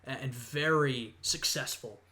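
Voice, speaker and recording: A man's voice: mid-range voice, unhurried, background noise. A young man, a history student, reacts to a video with casual, thoughtful commentary full of "uh" and "you know".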